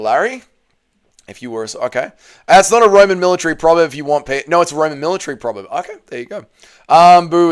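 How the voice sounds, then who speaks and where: A man's voice: a bit bright, clean tone. A man hosting a casual livestream, reading chat aloud and swearing, his voice climbing when upset. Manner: emotional, repeats himself, swears, rises in pitch when upset.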